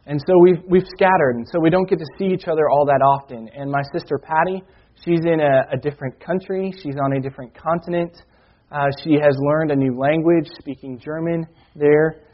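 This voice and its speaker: A man preaching a sermon as pastor, earnest, slowing down for emphasis and reading Scripture with rising force. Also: fairly high pitch. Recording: dull lo-fi sound.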